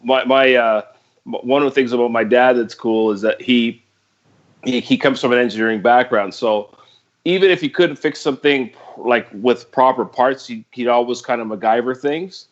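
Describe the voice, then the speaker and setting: A man on a casual podcast, talking in a relaxed, practical way with plenty of fillers. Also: medium pitch, normal speed, dull audio. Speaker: podcast co-host.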